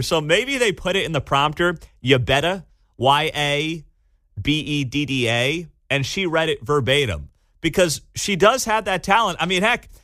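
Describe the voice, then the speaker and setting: A man's voice: a little high, sharp tone, no room sound. A man hosting a talk radio show, giving sarcastic, incredulous commentary and taking calls. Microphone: studio microphone. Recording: dry studio sound.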